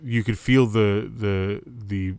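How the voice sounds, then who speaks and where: A young man with a fairly low voice co-hosts a casual podcast. He rambles through his points with plenty of fillers and false starts. The sound is dry and close. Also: fairly even intonation, takes it slowly, darkish tone, clear, resonant tone, dry recording. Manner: rambling, lots of fillers and restarts. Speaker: podcast co-host. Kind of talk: casual wrestling review chat.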